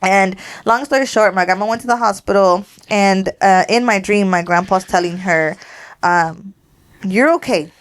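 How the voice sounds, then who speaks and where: A woman's voice: medium pitch, fairly even intonation, normal speed. A young woman hosting a podcast. She tells stories in a casual heart-to-heart chat, with plenty of "like" and "dude", and speaks straight to her listeners. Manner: chatty storytelling, lots of "like" and "dude". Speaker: podcast host.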